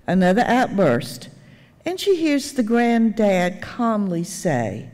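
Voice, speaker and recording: Slow-spoken older woman preaching in a church. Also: mid-range voice, big pitch swings. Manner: unhurried storytelling with gentle humor. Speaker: lay speaker. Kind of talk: sermon. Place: church sanctuary. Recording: long reverb in a church sanctuary.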